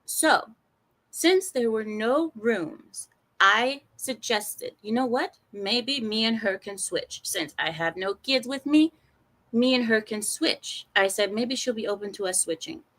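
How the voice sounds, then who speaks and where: A young adult woman telling a personal story in an animated monologue, acting out the other people's lines in quoted voices. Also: a little high, takes it slowly.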